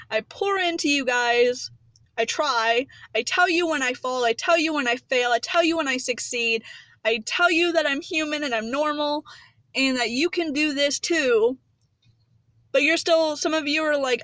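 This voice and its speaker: A woman's voice: sits high, moderate pace, fairly bright tone, dry recording. A woman giving a casual, passionate motivational talk as a spiritual vlogger, rambling and repeating phrases for emphasis.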